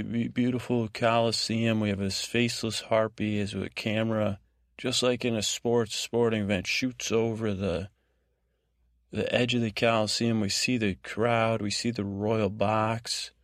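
A man with a low, gravelly voice wanders through a bedtime recap, often stopping to restart his sentences. His voice is dry and close, with no room sound around it. He sounds like a host talking his listeners down toward sleep. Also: level tone, dry recording. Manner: meandering, halting, with frequent restarts and fillers. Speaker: podcast host. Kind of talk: rambling bedtime recap monologue.

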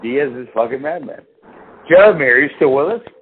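Dude hosting a podcast over a tinny call line, swears constantly, rambles, voice bounces all over. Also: male voice, mid-range voice, expressive, a little fast, husky. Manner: profane, rambling, mimics people in big voices. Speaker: podcast host. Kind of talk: casual chat. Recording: phone-like lo-fi call audio with faint noise.

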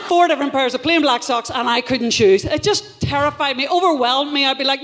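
Northern irish woman, middle-aged, stand-up comic, high voice, wry and punchy. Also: normal speed. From Northern Ireland. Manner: wry, punchy, bursts of loud exclamation. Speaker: stand-up comedian. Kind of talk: live stand-up set. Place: live comedy venue with audience.

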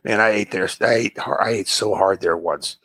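A middle-aged man in casual chat, telling animated stories and acting out what people said. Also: fairly low pitch, normal speed, dry recording. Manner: animated storyteller, acts out quoted voices.

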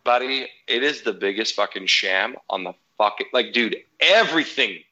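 A man's voice: mid-range voice, animated, moderate pace, bright, forceful tone, muffled recording. A man in casual podcast chat, telling a story as a heated, profane rant.

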